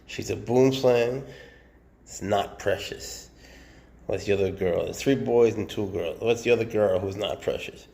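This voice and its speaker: Guy with a gravelly voice, casual snake-keeper chat, coos at his pets. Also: fairly low pitch, a little slow. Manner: chatty, coos at his snakes, often drops to a hushed murmur.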